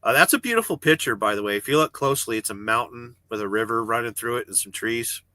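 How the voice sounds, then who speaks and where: A man's voice: medium pitch, expressive, fast, pushed and bright, no echo. A man who drives a truck hosts a casual livestream from his parked cab, reading viewer comments aloud, rambling, joking and swearing freely. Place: parked truck cab with refrigerated trailer running.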